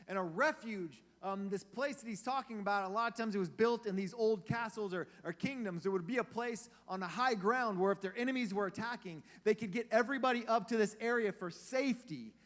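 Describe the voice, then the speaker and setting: A man's voice: sits high, fairly quick, hardly any pauses, fairly bright tone. A man giving a casual, conversational sermon as a youth pastor, asking his audience questions. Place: church hall. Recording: long reverb of a church hall.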